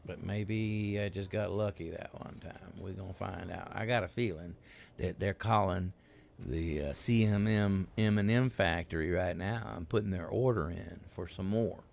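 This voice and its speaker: A deep-voiced man with a rough, gravelly edge chats through a gaming live stream. He rambles along in a laid-back way, full of "uh" and "you know", with a faint hiss under his voice. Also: moderate pace, few pauses, darkish tone. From United States. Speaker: game streamer. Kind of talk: casual live-stream chat while gaming.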